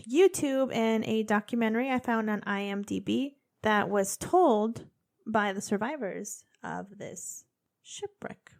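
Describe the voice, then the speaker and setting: A young woman co-hosting a podcast, chatting casually and then telling a true crime story, expressive with quick asides. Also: a little high. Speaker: podcast co-host.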